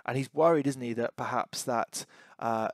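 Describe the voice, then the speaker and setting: A man's voice: medium pitch, moderate pace, gravelly, no echo. A man reads passages of a novel and breaks off to annotate them for students. His commentary is loose and thinking-aloud, full of fillers and rhetorical questions. The recording is close and dry, with no room sound. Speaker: English teacher.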